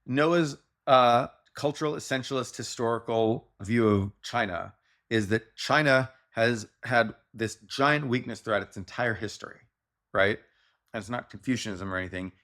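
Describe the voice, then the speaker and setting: A man hosting a podcast, chatting casually with jokes and quick asides, from Texas with a slight Texan accent. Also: medium pitch, fairly bright tone. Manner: joking, riffing, quick asides. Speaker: podcast host. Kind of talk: casual chat.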